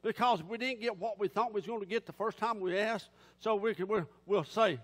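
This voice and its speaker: High-voiced man preaching in a reverberant church. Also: brisk, few pauses. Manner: impassioned, folksy preaching with casual grammar. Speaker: pastor. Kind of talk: sermon. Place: church sanctuary. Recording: long church hall reverb.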